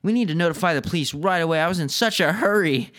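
A man's voice: a little high, fast talker, fairly bright tone, voice pushed up, close to an everyday voice. A man reading aloud and voicing an impulsive teenage boy in a story. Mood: urgent.

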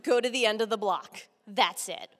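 A woman voicing her panicked, swearing mother who shouts orders at a new driver. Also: mid-range voice, moderate pace, some chatter behind, natural voice. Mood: nervous instructing. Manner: shrieking, profane orders. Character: panicked, swearing Catholic mother teaching driving. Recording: long hall reverb.

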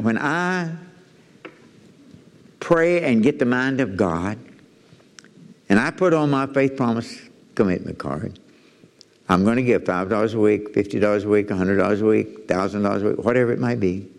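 A man preaching a sermon, animated, repeating phrases and restarting words as he goes. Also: fairly low pitch, vocal fry. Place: church. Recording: echoey hall reverb.

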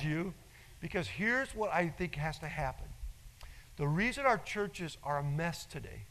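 A man's voice: on the high side, very animated, a little slow, sharp tone, rough recording. A middle-aged male pastor preaching a sermon in an emphatic, folksy storytelling way, repeating key phrases.

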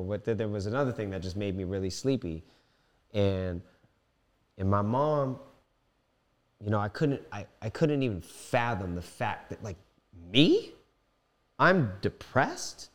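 A young man telling a raw personal story, swearing freely and swinging between playful voices and heavy quiet. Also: on the low side. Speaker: guest telling his life story.

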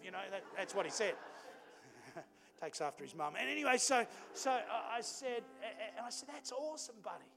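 Animated man preaching a sermon. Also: high voice, normal speed, gravelly. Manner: animated storytelling, acting out family dialogue. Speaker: pastor. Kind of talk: sermon with personal story.

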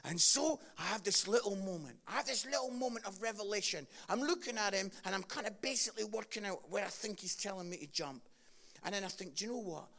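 Scottish male preacher, gravelly, comic storyteller turned earnest. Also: sits high, fast talker. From Scotland. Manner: tells funny stories with loud laughing peaks, then drops to quiet earnest appeals.

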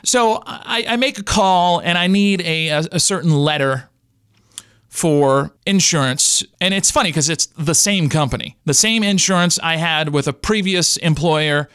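A man in his thirties hosting a radio show, ranting comically and jumping up in pitch when he gets angry. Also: unhurried, fairly bright tone, clean tone, dry recording, clean studio sound. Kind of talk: comedic rant monologue.

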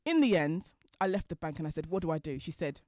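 Fast-talking woman. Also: low-pitched, no echo, clean studio sound. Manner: fast-talking, lively, laughs as she tells stories. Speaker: guest, designer. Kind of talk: animated storytelling in conversation.

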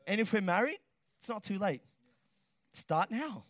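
A middle-aged man preaching a lively sermon, animated and joking, often shouting to stress a point. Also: high-pitched, unhurried, dry recording, clean studio sound. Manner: animated, shouts for emphasis, jokes with the crowd. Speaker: pastor.

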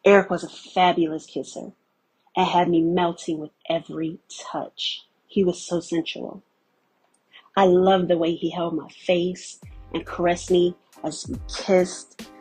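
A woman's voice: lowish voice, flat delivery, measured pace, a little mellow, slightly rough, soft background music. A woman giving scripted first-person narration of a story, telling it in a candid, wry way.

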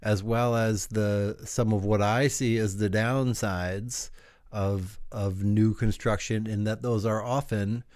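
A man's voice: fairly low pitch, steady tone, takes it slowly, a little mellow, no echo, studio quality. A man co-hosting a podcast in casual chat, rambling and leaning on filler words. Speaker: podcast co-host.

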